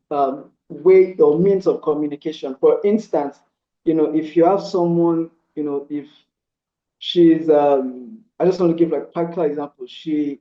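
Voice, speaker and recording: Earnest guy giving relationship advice, lots of "you know"s, kinda high voice, echoey room. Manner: earnest, with many "you know" fillers and restarts. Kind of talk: casual advice talk. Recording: roomy, dull lo-fi sound.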